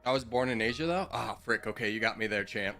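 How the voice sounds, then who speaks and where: A young man rambles through a game stream in a casual, sarcastic way. His voice is bright and very lively in pitch. Faint music plays under him. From United States. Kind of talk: casual gaming commentary.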